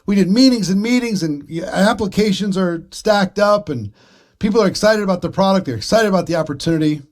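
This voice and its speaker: A man's voice: sits high, expressive, fairly quick. A middle-aged man giving a daily motivational talk on business, telling stories in a casual, conversational way with rising emphasis. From Minnesota, USA. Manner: storytelling, conversational, with rising emphasis and sound effects. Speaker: network marketing trainer.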